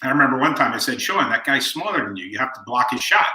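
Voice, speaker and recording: A man in his fifties, a guest author telling family stories in a relaxed way and acting out the quoted lines. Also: medium pitch, fast. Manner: relaxed anecdotal storyteller who acts out quoted lines. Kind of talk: storytelling in conversation. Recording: roomy echo.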